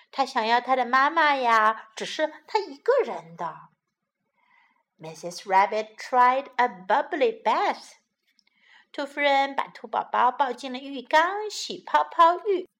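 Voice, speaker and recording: A woman reading a bilingual children's bedtime story aloud, slow and soothing. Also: high-pitched, lively intonation, a bit bright.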